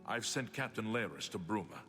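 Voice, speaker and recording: A man's voice: lowish voice, animated, fairly quick, bright, forceful tone. An actor playing a formal, dismissive nobleman who rules a city in a fantasy game. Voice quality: curt, dismissive. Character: curt male count of a game city, aloof. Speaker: game character. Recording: game audio with long reverb, music.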